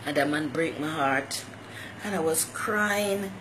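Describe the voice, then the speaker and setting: A woman's voice: low voice, slow pace, background noise. A woman hosting her own talk show, giving folksy motherly advice and greeting viewers by name. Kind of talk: casual live-stream monologue.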